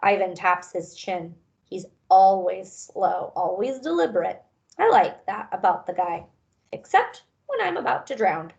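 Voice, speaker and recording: Woman reader, lively pitch, unhurried delivery, expressive storybook read-aloud. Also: vocal fry, muffled recording. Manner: expressive, raising pitch for characters' lines. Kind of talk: audiobook-style read-aloud.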